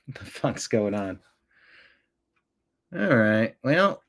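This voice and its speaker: A man's voice: fairly low pitch, sing-song, slow pace, a bit bright. A man hosting a live-stream show, muttering to himself as he fixes settings and breaking into profane, confrontational demands aimed at a commenter. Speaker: livestream show host.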